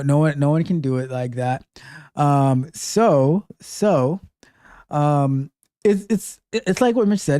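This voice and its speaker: A man hosting a casual call-in tech advice show, talking in an animated, emphatic way and often repeating himself. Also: high-pitched, dry recording, studio quality. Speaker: host.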